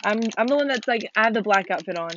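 A teenage girl co-hosting a podcast, chatting casually while playing a video game, excitable, swearing a lot and laughing often. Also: mid-range voice, quick pace, a little hiss or hum. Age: teens. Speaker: podcast co-host. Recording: muffled lo-fi recording.

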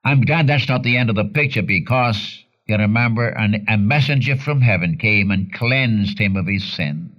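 A man's voice: expressive, moderate pace. Guy preaching, blunt and earnest, voice leaps up when he hits a point, dull old lo-fi sound. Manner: earnest and blunt, with sudden rises in pitch for emphasis. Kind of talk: sermon.

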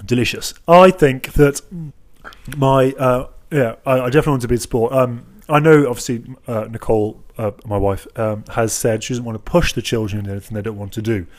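A man's voice: medium pitch, brisk. A young man from the English Midlands with a Black Country accent, co-hosting a podcast in casual, rambling chat full of jokes and restarts. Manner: joking, rambling, with many fillers and restarts. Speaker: podcast co-host.

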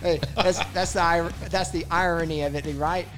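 Agreeable male co-host, slightly high voice. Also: fairly even intonation, normal speed, background noise. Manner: agreeable, frequent affirmations. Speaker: podcast co-host. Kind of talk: casual chat.

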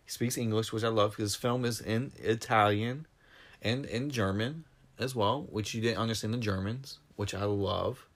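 A man in casual conversation, retelling a film's plot with animated, emotional storytelling and coming close to tears. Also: lowish voice, moderate pace. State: near tears. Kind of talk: casual film discussion.

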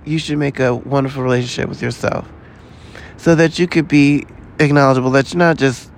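A man's voice: medium pitch, fairly even intonation, brisk, a little hiss or hum. A man hosting a solo podcast, talking in a loose, profane, exasperated rant full of asides. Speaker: podcast host. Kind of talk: rambling solo podcast monologue.

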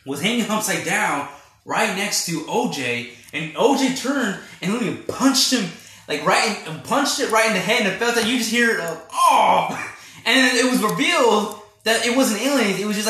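A man hosting a casual film review chat, retelling scenes in a rambling, animated way with quoted reactions. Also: high-pitched. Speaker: podcast host. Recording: echoey room.

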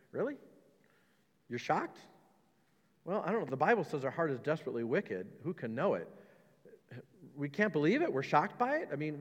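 Male pastor, lively and jokey sermon delivery, big pitch swings, hall echo. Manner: animated, mocking quotes with laughs. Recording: long reverb of a hall.

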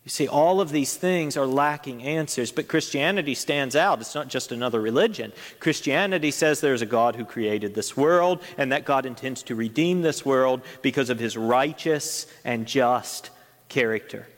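A man's voice: medium pitch, moderate pace, long reverb tail. A man preaching a sermon as pastor, earnest, his voice rising to stress each point.

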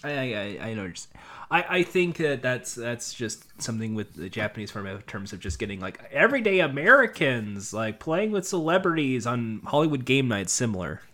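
A man's voice: medium pitch, fairly quick. A man co-hosting a podcast, talking casually and playfully, often slipping into comic bits. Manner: animated, playful, doing bits. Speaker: podcast co-host.

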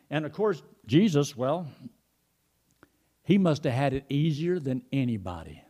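A man's voice: on the high side, very animated, a little slow, long pauses, warm tone. A middle-aged man preaching a sermon, telling folksy stories and retelling phone calls in quoted speech. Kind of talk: sermon with storytelling.

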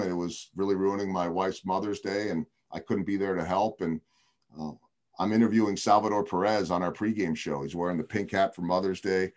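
Deep-voiced man telling stories. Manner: anecdotal, warm storytelling with fillers. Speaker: baseball broadcaster and author. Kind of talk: casual storytelling on a video call.

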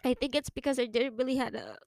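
A young woman from the Philippines, hosting a podcast and telling a personal story in a halting, emotional way with many restarts. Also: high voice, fairly even intonation, no room sound. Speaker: podcast host.

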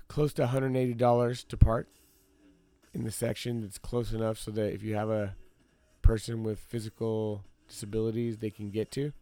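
A man hosting his own podcast tells a story as a casual rant, repeating himself for emphasis and addressing his listeners directly as "y'all." His voice is fairly low and darkish, with a level tone and moderate pace, in a dry recording.

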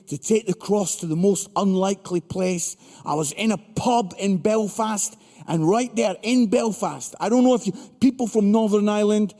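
A middle-aged man preaching a humorous sermon to a live audience, punchy and animated, acting out voices as he tells stories. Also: sits high. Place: large hall with live audience. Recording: reverberant hall.

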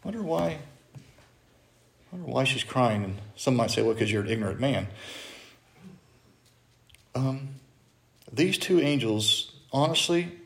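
A man's voice: mid-range voice, a little mellow. A middle-aged man, a pastor, preaching a sermon in a chatty way and putting questions to his congregation. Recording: echoey church room.

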